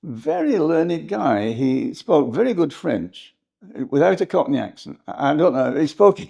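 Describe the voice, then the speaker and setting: Older English man with gravelly voice. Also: a little high, big pitch swings, measured pace, a little mellow, muffled recording. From England. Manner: rambling, hesitant, laughs often. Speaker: historian guest. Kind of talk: reminiscing interview talk.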